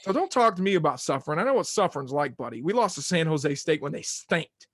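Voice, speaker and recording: A man's voice: fairly high pitch, animated, fast talker, a bit bright, breathy edge, dry recording, clean studio sound. A young man hosting a sports podcast, talking casually in rambling, self-mocking rants. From Arkansas fan, southern US.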